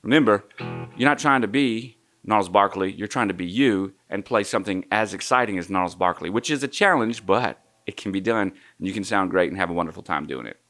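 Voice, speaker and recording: A man's voice: low voice, lively intonation, fairly quick, a bit bright. A man giving a guitar lesson in an easygoing way, counting the strum pattern aloud. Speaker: guitar teacher. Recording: guitar playing under the voice.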